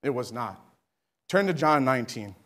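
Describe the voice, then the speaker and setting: A man preaching a sermon with fervent delivery that climbs to shouting. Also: medium pitch, lively intonation, moderate pace.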